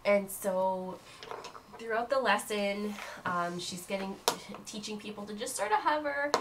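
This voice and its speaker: A woman narrating as game master in an animated storytelling manner. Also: mid-range voice, unhurried, heavy background noise.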